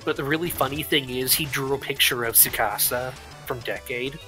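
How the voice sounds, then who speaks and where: A stream co-host chatting casually and excitably, laughing often. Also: mid-range voice, moderate pace, faint music behind. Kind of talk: casual chat.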